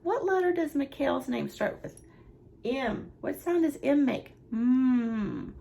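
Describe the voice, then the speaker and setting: A young woman, a nursery teacher going slowly and encouragingly through a lesson for small children. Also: high voice, lively intonation, gravelly, warm tone. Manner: slow, sing-song, encouraging teacher talk.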